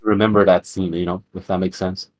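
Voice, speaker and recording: A man with a lowish voice chats casually as a podcast co-host. He wanders through his points with plenty of fillers and false starts. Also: little pitch movement, fast. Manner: rambling, full of fillers and restarts. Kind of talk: casual chat.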